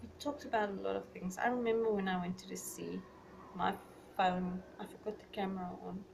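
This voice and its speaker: A young woman vlogger casually recounting personal memories, rambling and getting animated when she retells conversations. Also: medium pitch, a little fast, vocal fry. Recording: voice a little far from the mic, faint background noise.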